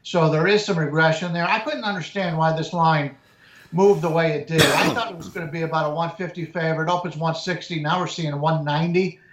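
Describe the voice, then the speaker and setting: A man, a sports handicapper, giving measured betting analysis and often restarting his words. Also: a little high, steady tone, fairly bright tone, roomy sound, lo-fi sound, a little hiss or hum.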